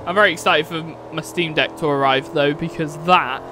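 A rambling man with a fairly high voice chats casually to his viewers while he plays, cursing now and then. Loud racing car engine noise runs behind him the whole time. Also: steady tone, normal speed. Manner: rambling, chatty, swears casually. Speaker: streamer. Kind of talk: casual live-stream chat while racing. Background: racing game engine noise.

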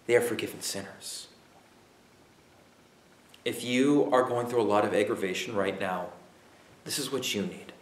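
A man preaching a sermon as pastor, emphatic, with dramatic pauses and acted-out asides. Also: fairly low pitch, echoey room.

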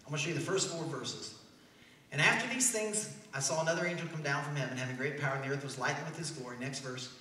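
A man with a Midwestern American accent, a pastor preaching an animated sermon that swings between loud declarations and soft asides. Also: medium pitch, very fast, few pauses, recorded from a distance. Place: large church hall. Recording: echoey church hall, heard from afar.

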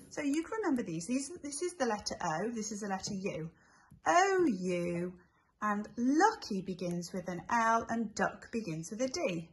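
A woman teaching young children spelling tips in a gentle, sing-song way, spelling letters out slowly. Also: medium pitch, very animated, breathy edge. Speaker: infant school teacher.

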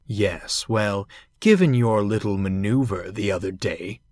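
A man's voice: on the low side, a little slow, darkish tone, dry recording, clean studio sound, lightly acted. A man voicing a smug, scheming male steam engine who talks slyly and feigns innocence. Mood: mocking. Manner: sly, self-satisfied, feigned innocence.

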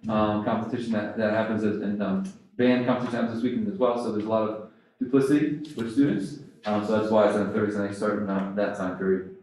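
A low-voiced man talks fast through a long report, stringing points together with frequent "um"s. His voice stays flat and level. He sounds far from the mic in a very echoey meeting room. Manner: quick, rambling with many fillers. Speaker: school principal. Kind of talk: reading a report at a board meeting. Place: school board meeting room.

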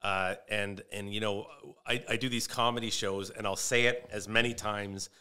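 Rambling, bright-voiced comedian man. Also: lowish voice, fairly even intonation, normal speed, clean tone. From Canada. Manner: rambling, storytelling with restarts. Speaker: comedian guest. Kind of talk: casual podcast chat.

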